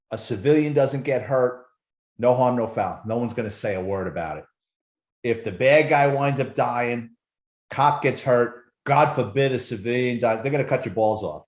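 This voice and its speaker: A man who is a former police officer, telling animated, profanity-laced stories in casual conversation as a podcast guest. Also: medium pitch, roomy sound. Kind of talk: casual storytelling.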